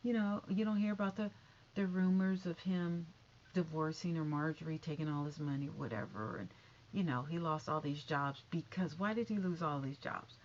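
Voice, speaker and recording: A woman's voice: low voice, moderate pace, highs cut off, slight background noise. A woman vlogging casual celebrity gossip in a chatty, catty way, full of asides and repeated no's.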